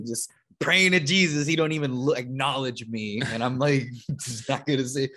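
A man's voice: medium pitch, moderate pace. A middle-aged man from Rico, a comedian and podcast co-host chatting as a guest. He tells stories with energy, laughs often and jumps into the voices of the people in them. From Puerto Rico. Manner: animated storyteller who acts out other people and laughs often. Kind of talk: casual chat, guest storytelling.

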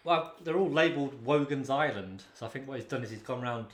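A man co-hosting a comedy podcast, firing back dry, quick retorts in a casual chat. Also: mid-range voice. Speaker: podcast co-host. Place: same room as co-host, indoors. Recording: roomy echo.

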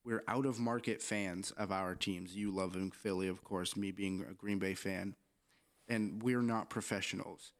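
A man's voice: low-pitched, fairly even intonation, moderate pace. A young man co-hosting a podcast, chatting casually in a rambling, joking, profane way. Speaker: podcast co-host.

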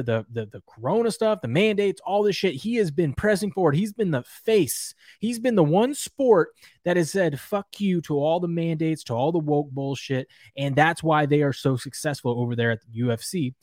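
A man's voice: a little high, a little mellow, dry recording, studio quality. A man hosting his own online show, ranting angrily with profanity and stammered restarts. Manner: angry, profane, stammering rant. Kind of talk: ranting commentary vlog.

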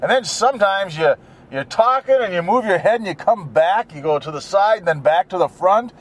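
A middle-aged vlogger chats casually from his car, his high-pitched, animated voice moving at a moderate pace. He rambles from one topic to the next and grumbles at other drivers.

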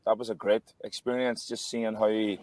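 A man's voice: fairly low pitch, moderate pace, no room sound. A man, a former boxer, telling casual anecdotes with lots of restarts. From Ireland. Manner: animated anecdotes with frequent restarts. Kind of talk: casual storytelling.

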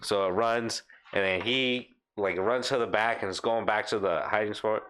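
A young man with a somewhat low voice tells a chaotic workplace anecdote to friends. He laughs his way through, swears freely, and slips into quick impressions of the people involved. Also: slight background noise. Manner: animated, laughing often, swearing, acts out quotes. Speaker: storyteller in a casual chat. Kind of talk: casual chat, telling an anecdote.

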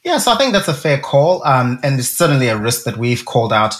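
A man's voice: mid-range voice, very animated, brisk, fairly bright tone. Man explaining a stock, full of ums. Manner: explanatory, frequent ums and uhs. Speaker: guest, director of research. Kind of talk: casual investing chat.

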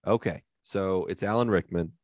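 A man co-hosting a podcast, laid-back and joking, now and then shouting out movie lines. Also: deep voice, normal speed, no room sound. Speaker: podcast co-host. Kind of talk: casual chat.

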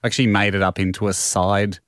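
A man co-hosting a casual comedic podcast, telling stories in a rambling, deadpan way. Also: fairly low pitch, quick pace, clean tone, no echo, clean studio sound. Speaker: podcast co-host.

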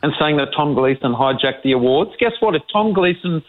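An emphatic Australian man co-hosting a radio chat, his voice sitting fairly high for a man. He comes through a thin, tinny, phone-like line. He talks with conviction and pokes fun at critics. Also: animated, a little fast. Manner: emphatic, mocks critics in put-on quoted voices. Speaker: co-host.

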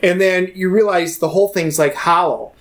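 A man's voice: sits high, normal speed. A man co-hosting a podcast, casually retelling a documentary and acting out the people in it with lots of restarts. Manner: animated storyteller, quotes people in voices, many restarts. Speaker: podcast co-host. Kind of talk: casual chat, retelling a film.

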